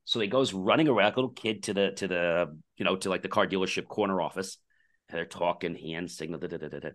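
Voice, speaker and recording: Male podcast guest, deep bright voice, animated storyteller who plays out the back-and-forth in his anecdotes. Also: fast talker. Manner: animated storyteller acting out quoted dialogue. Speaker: podcast guest, company founder.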